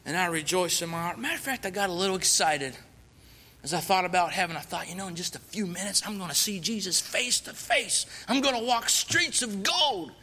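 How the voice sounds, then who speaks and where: A man's voice: high voice, brisk, bright, forceful tone, in a large hall. A man, a missionary, earnestly telling his personal testimony, swelling with fervor when he recites scripture.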